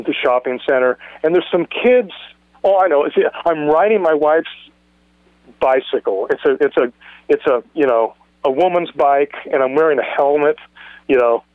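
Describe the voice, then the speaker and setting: A man's voice: a little high, clear, resonant tone, no room sound. A man in his sixties with a Californian accent, telling a long story in a rambling way, restarting and repeating words. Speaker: guest musician. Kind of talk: storytelling in an interview. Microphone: phone. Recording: tinny phone line.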